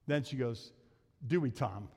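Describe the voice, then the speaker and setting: A man's voice: medium pitch, measured pace, mellow, breathy edge, in a large hall. A man preaching a sermon as pastor, telling personal stories in a conversational, self-deprecating way, laughing often. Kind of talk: sermon storytelling. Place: church sanctuary.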